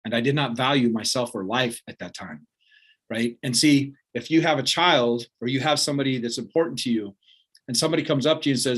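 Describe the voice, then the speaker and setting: A man's voice: mid-range voice, brisk, fairly bright tone, breathy edge. A man giving a motivational talk, earnest and conversational, often checking in with his audience. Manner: earnest, peppered with "right?" and "like". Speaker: motivational speaker.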